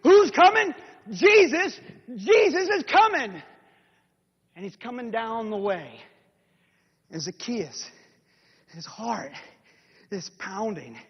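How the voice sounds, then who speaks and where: A man with a very high, husky voice preaches a story sermon, acting out every scene with a sweep from hushed whispers up to shouts. The recording is dull and lo-fi, carrying the long reverb of a large hall. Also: expressive, slow pace, pauses often.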